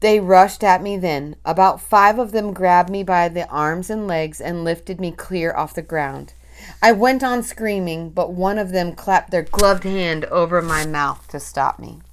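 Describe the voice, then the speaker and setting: A woman reading a storybook aloud, with slow, dramatic, breathless storytelling. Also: on the low side. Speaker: reader.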